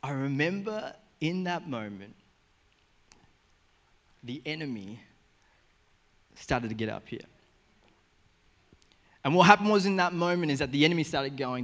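An Australian man preaching a sermon to a congregation, joking and telling stories with sudden swings between loud and soft. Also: a little high, animated, unhurried, long pauses. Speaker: pastor. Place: church service in front of a congregation.

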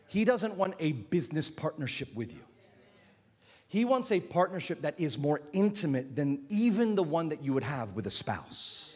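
Animated pastor preaching. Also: male voice, on the high side, long reverb tail. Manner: animated storytelling, acts out voices. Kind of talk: sermon.

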